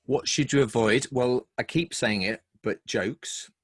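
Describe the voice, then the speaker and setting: A middle-aged British man talks on a video call, with lively, quick-moving storytelling and asides. His voice sits at an ordinary pitch and sounds close and dry, with no room around it. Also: breathy edge, dry recording. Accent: British English. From Britain. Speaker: guest, humor and speaking coach. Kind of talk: casual video-call interview.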